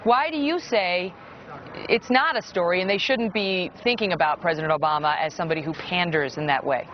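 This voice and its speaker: A woman hosting a cable news debate, asking probing questions briskly. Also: lowish voice. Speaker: news show host. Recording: slightly dull broadcast audio with faint noise.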